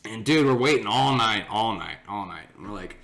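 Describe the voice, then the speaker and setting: A man's voice: lowish voice, lively intonation, moderate pace, creaky, a bit bright. A young man hosting his own podcast, telling a story casually and animatedly, laughing often and acting out his friends' voices. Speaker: podcast host.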